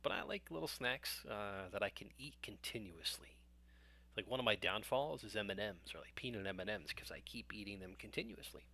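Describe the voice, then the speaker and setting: A man's voice: on the low side, animated, a little fast, vocal fry, pushed and bright. A young man hosting a live stream, chatting casually with viewers in a rambling, self-joking way.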